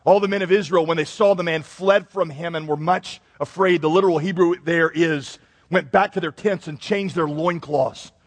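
Pastor guy cracking jokes in his sermon, fairly high voice, lots of hall echo. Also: normal speed. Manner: joking, conversational, animated. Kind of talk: humorous sermon. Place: church sanctuary. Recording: long reverb in a large hall.

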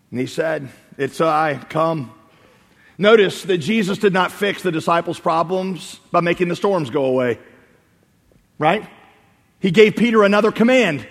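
A man preaching a sermon as pastor, animated, swinging from loud calls to quiet asides. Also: high-pitched, normal speed. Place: church sanctuary. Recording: preaching in a reverberant hall.

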